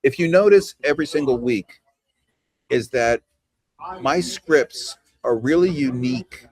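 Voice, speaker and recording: A man leads a training session over a video call. His speech is loose and chatty, and he keeps tagging "right?" onto his points. His voice sits at an ordinary pitch for a man. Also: lively intonation, unhurried. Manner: conversational, peppers talk with "right?" and "you know". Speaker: trainer leading a team call. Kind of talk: casual coaching talk on a video call.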